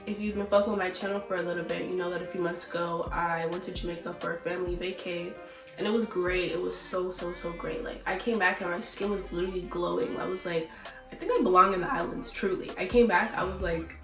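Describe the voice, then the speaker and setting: A young woman telling stories in a casual vlog, animated and profane, acting out both sides of arguments and sounding a little sick. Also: fairly low pitch, quick pace, distant mic. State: sick, a bit out of breath. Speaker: vlogger. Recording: roomy echo, slightly off-mic, faint music.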